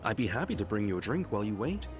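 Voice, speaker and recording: A courteous, formal restaurant host. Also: male voice, lowish voice, sing-song, racing, music in the background. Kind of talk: video game dub.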